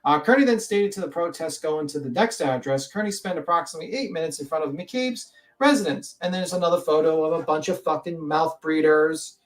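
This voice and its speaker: A man's voice: fairly high pitch, fairly quick, hardly any pauses. A male livestream host reading a document aloud with blunt, profane, indignant asides.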